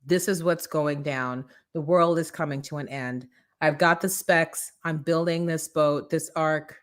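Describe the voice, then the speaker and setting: A woman hosting a live morning show, giving a preachy, animated motivational talk full of acted-out quotes. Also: low voice, a little slow.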